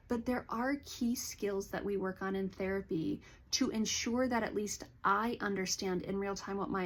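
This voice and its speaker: A woman counselor giving a calm, earnest educational talk to camera, explaining things gently. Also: medium pitch. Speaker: licensed counselor.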